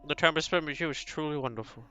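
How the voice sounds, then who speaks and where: A man's voice: fairly high pitch, fast, sharp tone, clear, resonant tone, dry recording, faint music behind, rough recording. A man reading as a brooding beast who longs to be human. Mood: solemn. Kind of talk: reading a visual novel aloud.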